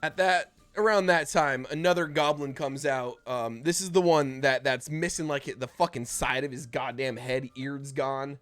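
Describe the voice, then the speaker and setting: A man's voice: medium pitch, steady tone, normal speed, few pauses, fairly bright tone, soft background music. A man running a tabletop game as dungeon master, narrating casually with rambling asides and cursing.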